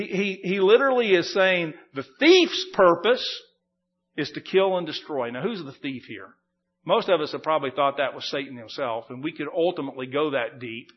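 A man's voice: high-pitched, dull audio. A man preaching an expository sermon, earnest and emphatic, often repeating and restarting his phrases. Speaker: pastor.

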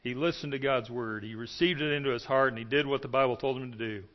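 Man preaching with loud and hushed swings. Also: mid-range voice, fast talker, highs cut off. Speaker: pastor. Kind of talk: sermon.

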